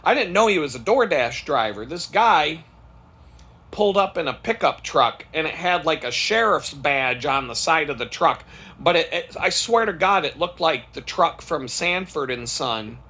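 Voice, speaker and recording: Guy rambling thru a sweary work story, bright kinda highish voice. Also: expressive, moderate pace, breathy edge. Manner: rambling, profane, with lots of restarts. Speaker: podcast host. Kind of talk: casual storytelling monologue.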